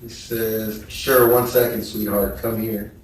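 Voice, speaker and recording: Guy on the witness stand reading texts out, slow and monotone, far off the mic in a really echoey courtroom. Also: on the low side, slight background noise. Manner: flat, measured reading. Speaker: trial witness, investigator. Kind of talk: courtroom testimony, reading messages aloud.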